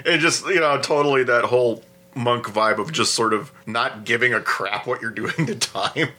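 A man's voice: mid-range voice, normal speed, faint music behind. A man co-hosting a podcast, chatting casually and animatedly, often acting out quotes. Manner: animated, jumps into exaggerated quoted voices. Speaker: podcast co-host. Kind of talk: casual chat.

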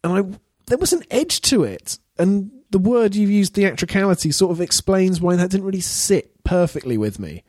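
A man's voice: high voice, lively intonation, normal speed, few pauses, a little mellow, dry recording. A man from England co-hosting a casual review podcast, thoughtful and hedging, with a dry wit. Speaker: podcast co-host.

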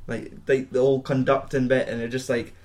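A man's voice: mid-range voice, little pitch movement, fairly quick, a little mellow. Young man, podcast co-host, casual film chat, rambling, sweary. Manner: rambling, sweary, laughs often.

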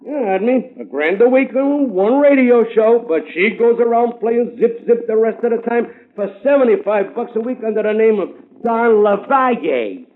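A pushy brash talent agent. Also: male voice, extremely high pitch, lively intonation, normal speed, few pauses. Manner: brash slangy New York patter. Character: pushy fast-talking male talent agent. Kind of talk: 1950s radio drama acting. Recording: tinny old radio broadcast.

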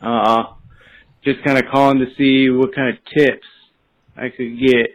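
A man leaving a rambling voicemail, pausing often with "uh" and "like". His pitch is mid-range and his tone is plain. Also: flat delivery, dull audio. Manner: hesitant, rambling, lots of fillers. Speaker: voicemail caller. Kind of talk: recorded voicemail message.

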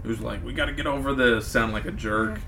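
A man's voice: mid-range voice, brisk, gravelly, sharp tone, a little hiss or hum. A man in his late thirties hosting a podcast in casual chat, rambling and joking about getting choked up. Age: 30s. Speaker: podcast host.

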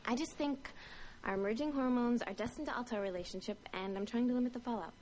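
A woman's voice: a little high, quick pace, darkish tone, a little hiss or hum, natural voice, poor audio. An actress playing a blunt teenage girl. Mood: earnest. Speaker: actress in a TV drama clip. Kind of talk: TV teen drama acting.

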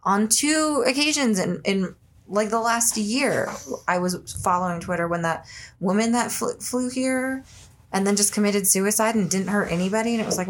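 A woman's voice: medium pitch, normal speed. A woman co-hosting a podcast from home, chatting loosely, swearing freely and reading her sponsor and show credits. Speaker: podcast co-host. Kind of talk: casual chat with ad reads.

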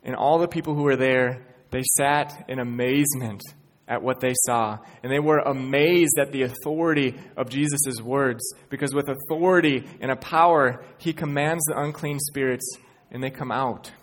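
A man's voice: medium pitch, moderate pace. A man preaching a sermon in an earnest way, building to emphatic peaks. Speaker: pastor. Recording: church hall reverb.

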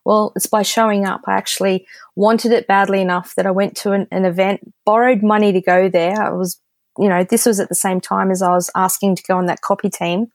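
An Australian woman speaks in a casual podcast interview, candid and direct. She tells stories with a lively pull, her voice at a middling pitch. The sound is close and dry, with no room around it. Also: brisk, no room sound. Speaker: guest copywriter.

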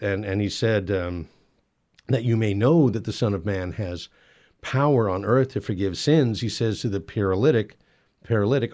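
A man's voice: on the low side, darkish tone. A middle-aged man hosting a Catholic talk show in a studio, a little out of breath, teaching earnestly with many fillers. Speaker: Catholic radio show host. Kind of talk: faith talk show monologue. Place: broadcast studio.

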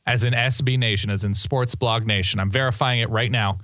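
A young man co-hosts a sports podcast in a loose, joking chat, rambling and correcting himself as he goes. His voice sits at a middling pitch and is recorded close and dry, with no room sound. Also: fairly even intonation, a little fast, fairly bright tone, no echo. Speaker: podcast co-host. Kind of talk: casual chat.

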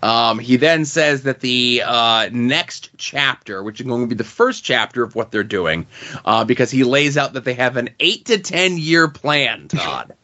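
A man's voice: mid-range voice, lively intonation, unhurried, pushed and bright. Rambling man on lo-fi audio. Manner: rambling, many fillers and "like"s. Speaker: podcast co-host. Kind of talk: casual chat.

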